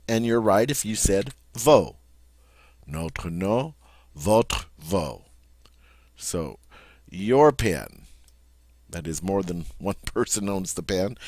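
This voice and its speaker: Male language teacher, unhurried and patient, recorded dry and close. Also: lowish voice, darkish tone, no echo. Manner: patient, repeats words slowly, checks in with "all right?". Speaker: French teacher. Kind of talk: classroom grammar lesson.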